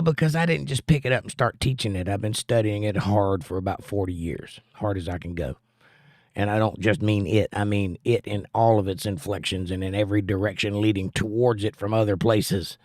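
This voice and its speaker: A man's voice: on the low side, no echo, studio quality. A middle-aged American man with a plainspoken, earnest manner, chatting with his stream audience and teaching about the Bible. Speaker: livestream host and Bible teacher. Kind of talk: casual chat and Bible teaching.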